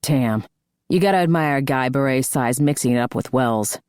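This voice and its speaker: A woman's voice: a bass voice, moderate pace, darkish tone, clear, resonant tone, no echo, clean studio sound, pitched below the performer's own voice. A woman voicing a male hockey player who talks bluntly and easily, in an audiobook. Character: rough-talking male hockey player, joking.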